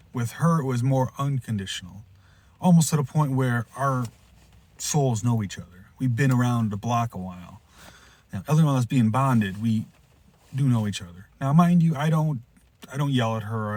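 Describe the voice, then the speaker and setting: A man hosting a podcast, telling a rambling pet story in a casual way, restarting often and jumping into loud, high voices when he quotes someone. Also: dry recording. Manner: rambling, with frequent restarts and asides. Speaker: podcast host.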